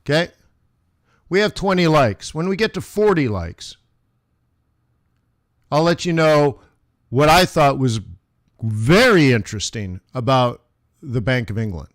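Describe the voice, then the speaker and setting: A man's voice: mid-range voice, very animated, unhurried, long pauses, no room sound, clean studio sound. A man in his forties, a forex trader hosting a live trading stream and talking viewers through the markets in a chatty, emphatic way.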